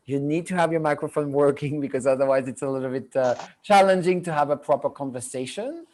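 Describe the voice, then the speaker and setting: Speaking fast in a higher, darkish voice, a middle-aged Frenchman hosts a live show as a medium over a video call. He rambles and chats, repeating himself, recorded on a computer mic.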